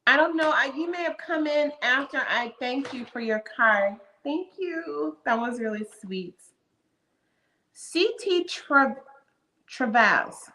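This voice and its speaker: A woman's voice: sits high, expressive, slow pace, sharp tone. A woman in her fifties hosting a live stream, chatting casually and greeting viewers one by one by name. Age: 50s. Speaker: livestream host.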